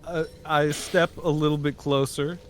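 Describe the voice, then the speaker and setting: A man's voice: fairly high pitch, steady tone, a little slow, a little hiss or hum. Man describing his moves in a tabletop game. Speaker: player. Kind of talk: tabletop role-play.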